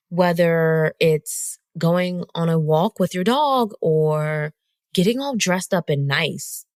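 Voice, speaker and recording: Woman podcast host, lowish voice, animated chatty storytelling, dry close sound. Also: no room sound. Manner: animated, conversational, addresses listeners directly.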